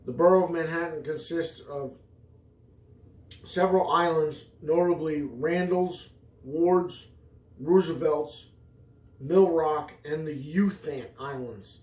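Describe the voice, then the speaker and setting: A man's voice: fairly high pitch, takes it slowly, darkish tone. Profane rambling podcast man, echoey room. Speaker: podcast host. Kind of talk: rambling improvised comedy monologue.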